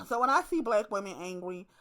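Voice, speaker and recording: A young woman, talking casually to her viewers in a profane, animated way and acting out little scenes. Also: a little high. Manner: profane, animated storytelling with acted asides. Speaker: channel host. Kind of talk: casual monologue to camera.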